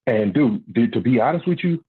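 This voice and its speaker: Caller on a muffled phone line. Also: male voice, medium pitch, a little fast, husky, no room sound. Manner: rambling, animated, swears freely. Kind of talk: casual storytelling on a call-in show.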